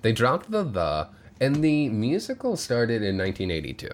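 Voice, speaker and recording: A man's voice: medium pitch, sing-song, a little fast, a little hiss or hum. A man co-hosting a podcast, casually retelling a movie plot with a lot of fillers and the odd swear word. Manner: laid-back, with many fillers and some swearing. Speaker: podcast co-host.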